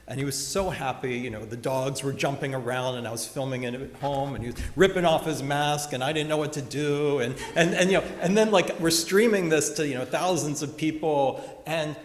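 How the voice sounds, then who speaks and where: A rabbi giving a funeral eulogy in a large synagogue sanctuary, telling lively stories with quick asides. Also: male voice, mid-range voice, a little hiss or hum. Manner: animated storytelling with asides. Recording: echoey hall with long reverb.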